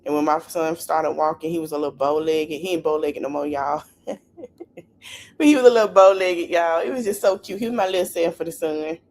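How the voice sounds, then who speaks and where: A woman's voice: low voice, fairly quick, a little mellow. A woman hosting a casual livestream podcast, chatting straight to her viewers with plenty of asides. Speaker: podcast host.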